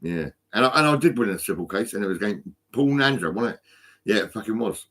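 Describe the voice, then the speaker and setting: Talking into his phone for a loose, unscripted vlog, a stoned man uses a fairly low voice with a fairly bright tone, fast and expressive. He rambles on, restarts, stumbles over words and swears almost every sentence.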